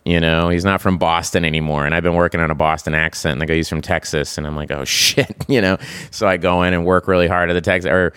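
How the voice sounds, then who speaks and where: Low, smooth-voiced man in conversation. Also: level tone, fairly bright tone, no echo, studio quality. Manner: halting, with frequent restarts and laughs. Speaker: guest, actor and creator. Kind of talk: casual interview chat.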